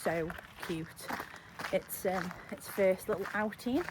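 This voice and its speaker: A woman's voice: mid-range voice, slow pace, background noise. A woman vlogging outdoors at a horse outing, chatty and cooing to her horse. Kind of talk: casual chat at a horse outing. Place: outdoors at a cross-country course.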